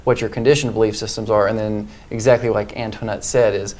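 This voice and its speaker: A man's voice: lowish voice, little pitch movement, fast talker, a little mellow. A man hosting a panel talk, guiding the conversation and putting questions to a guest. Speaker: show host.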